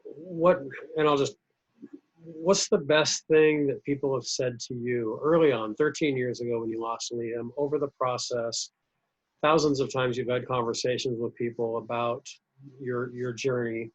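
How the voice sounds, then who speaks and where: A man hosts a podcast, asking long, winding questions in a slightly husky voice and answering his guest with supportive agreement. The recording sounds dull and lo-fi. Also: medium pitch, steady tone, unhurried. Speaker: podcast host. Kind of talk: conversational interview.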